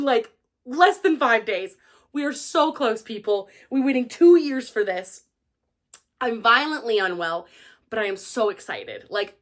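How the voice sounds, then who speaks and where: Excitable girl booktuber gushing to camera, highish voice, crisp and bright. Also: normal speed. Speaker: book vlogger. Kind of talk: casual chat to camera.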